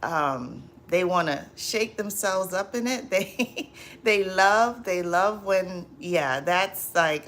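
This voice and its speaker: Slow-talking woman hosting a livestream. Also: lowish voice, lively intonation, fairly bright tone. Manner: laughs often, reads and answers viewer comments; drawn-out, repetitive phrasing with many fillers. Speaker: livestream host. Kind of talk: casual livestream chat.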